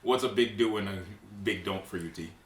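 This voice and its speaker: A man co-hosting a podcast from a friend's house, bantering loudly with lots of laughing and swearing. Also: fairly low pitch, a little fast. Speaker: podcast co-host. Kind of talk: casual chat. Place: living room at a friend's house. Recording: roomy and distant with faint hiss.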